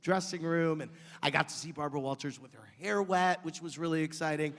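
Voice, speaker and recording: A man telling rambling, animated anecdotes in an onstage conversation. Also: fairly high pitch, fairly quick, long reverb tail, background noise. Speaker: author being interviewed.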